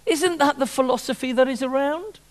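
Man, sermon, high voice, rhetorical questions, repeats phrases. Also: brisk. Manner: lively, with repetitions and rhetorical questions. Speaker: preacher.

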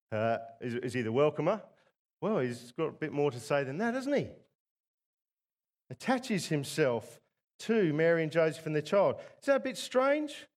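A man's voice: fairly high pitch, very animated, unhurried, long pauses. A middle-aged man from England preaching a sermon in a conversational way, often asking the congregation rhetorical tag questions.

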